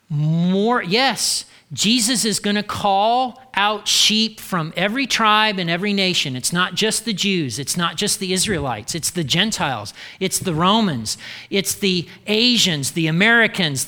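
A male pastor delivering a lively sermon in a high, bright voice. He preaches with animation, dropping into short spoken voices to act out what he describes.

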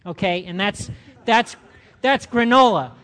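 Older male pastor, animated sermon. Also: high voice, unhurried. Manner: animated storytelling, acting out quoted voices.

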